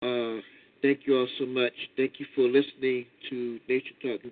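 A man hosting a radio talk show, speaking in a halting, casual way and repeating himself. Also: medium pitch, level tone. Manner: halting, repeats words, chuckles. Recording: tinny phone-like audio.

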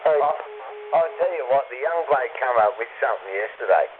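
A man's voice: medium pitch, expressive, fairly quick. A man with an Australian accent chatting over CB radio, rambling, swearing freely and laughing often. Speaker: CB radio caller. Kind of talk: casual banter over CB radio. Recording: tinny CB radio with hiss.

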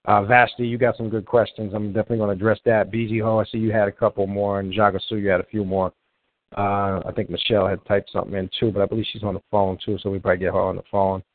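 A man's voice: on the low side, flat delivery, quick pace, no echo. A man hosting a live call-in show in a casual, rambling way, often restarting as he tries to reach callers. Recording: tinny phone-line sound, dry.

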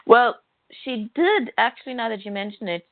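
A woman's voice: fairly high pitch, expressive, moderate pace, no echo. A woman co-hosting a casual comic book chat, chatty and often quoting her own reactions. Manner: chatty, quotes herself with "I'm like". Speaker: podcast co-host. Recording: tinny phone-like line, dry.

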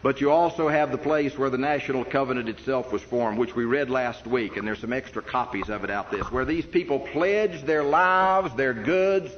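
A man delivers an emphatic sermon, building to stressed points and asking the room questions. His voice sits at an ordinary middle pitch. The recording is dull and lo-fi, with a long hall reverb and a faint hiss underneath. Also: moderate pace, few pauses. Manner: earnest, emphatic, with rhetorical questions. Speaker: preacher. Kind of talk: sermon lecture on church history.

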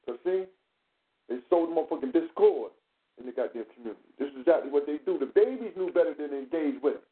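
High-voiced man on a tinny radio line. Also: fast. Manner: animated, profane, acts out dialogue. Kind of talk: casual radio talk, storytelling.

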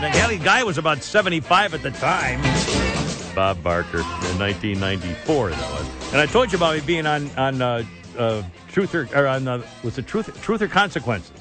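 A man in his sixties hosting a radio talk show, telling rambling stories and giving away tickets with quick laughs. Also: fairly high pitch, lively intonation, over loud music. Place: radio studio. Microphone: studio microphone.

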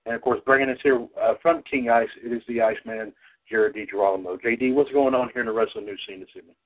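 A man hosting a wrestling call-in podcast, rambling with many restarts and repeated "ladies and gentlemen". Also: mid-range voice, fairly even intonation, fast talker. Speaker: podcast host. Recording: tinny phone-line audio.

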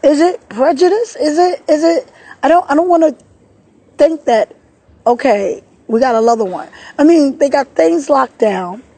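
A woman vlogging outdoors in a park, upset and tearful, talking haltingly and repeating words as she recounts a bad experience. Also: high-pitched, lively intonation, warm tone, no room sound, poor audio. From New York. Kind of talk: emotional personal vlog.

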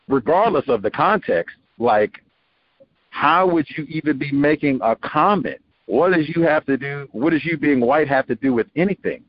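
A man's voice: medium pitch, no echo. A man hosting a radio talk show, musing in a rambling way and breaking into quoted voices with small laughs. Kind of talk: conversational call-in radio commentary. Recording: muffled radio broadcast with faint noise.

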